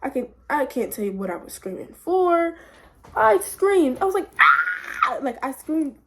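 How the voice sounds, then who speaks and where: Young adult woman, slightly high pitch, casual storytime vlogger, excitable and rambling. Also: moderate pace. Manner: rambling, excitable, full of "like" and "bro".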